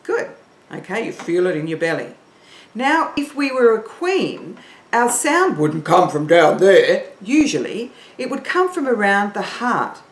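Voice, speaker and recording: A woman singing teacher leading an online warm-up, encouraging and counting in her learners. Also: mid-range voice, very animated, measured pace, roomy sound.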